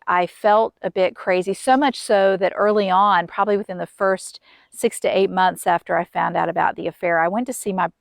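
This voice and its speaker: A middle-aged woman hosting a video on affair recovery, talking candidly and personally to the viewer with soft laughs. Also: medium pitch, gravelly, dry recording, studio quality. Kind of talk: direct-to-camera personal talk.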